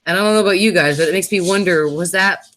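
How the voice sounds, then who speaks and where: A woman's voice: on the low side, fast talker, a bit bright. A woman hosting a casual episode review, recapping the plot with many fillers and self-corrections. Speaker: host.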